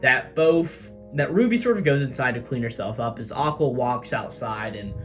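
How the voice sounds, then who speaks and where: A man recaps a comic chapter in a casual, chatty way, full of fillers. His delivery is animated and lively. Faint music plays behind him. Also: medium pitch, moderate pace. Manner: chatty, filler-heavy storytelling. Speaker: manga recap host.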